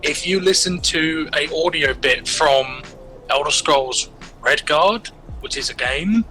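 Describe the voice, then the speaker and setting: A man's voice: a little high, slow, sharp tone, faint music behind, rough recording. A man chatting casually on a voice call with his gaming group, rambling with plenty of fillers and restarts. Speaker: player in a group game stream.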